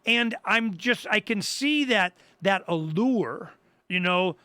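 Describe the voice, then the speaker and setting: A man's voice: high-pitched, expressive, slow pace, pushed and bright, dry recording. An older man hosting a talk radio show, rambling through a story with restarts and acting out the voices of people he quotes. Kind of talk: casual talk-radio monologue.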